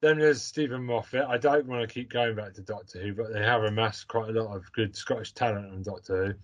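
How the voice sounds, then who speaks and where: A man's voice: fairly low pitch, fairly even intonation, brisk. A man co-hosting a casual chat, teasing and bantering with plenty of likes and fillers. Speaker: podcast co-host.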